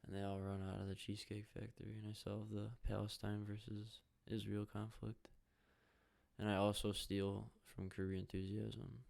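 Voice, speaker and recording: Young guy podcasting solo, gravelly, swears a lot, rambles while watching hockey. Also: on the low side, completely flat delivery, normal speed. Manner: profane, rambling, jokey, reacts out loud to the game. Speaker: podcast host.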